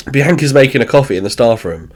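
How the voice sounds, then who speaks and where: A man retells a sitcom episode in casual podcast chat. His voice sits at a middling pitch, and he swears freely, laughs often and acts out the characters as he goes. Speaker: podcast host. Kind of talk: casual chat recapping a show.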